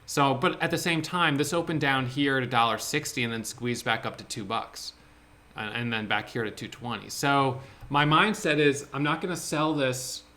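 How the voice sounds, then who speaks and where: A man who is a day trader, recapping his trades in a casual screen-share talk. He thinks aloud in an excitable way, with quick restarts. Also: mid-range voice.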